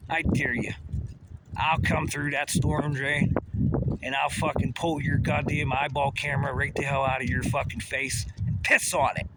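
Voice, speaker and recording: A man's voice: on the high side, normal speed. A man rambling and cursing in a walk-and-talk monologue outdoors, recorded on a handheld phone by a road. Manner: rambling, profane, addresses Russia directly. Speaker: vlogger. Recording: outdoor noise with passing vehicles.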